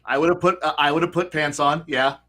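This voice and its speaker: A man's voice: a little high, fairly even intonation, fairly quick, pushed and bright. A man hosting a casual stream, answering in short, laid-back replies. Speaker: host.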